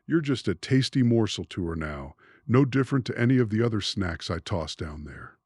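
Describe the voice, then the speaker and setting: Villain read: man doing sneering male schemer, low husky voice, mocking sing-song. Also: very animated, moderate pace, darkish tone, dry recording, clean studio sound, exaggerated voice. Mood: gloating. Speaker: audiobook narrator.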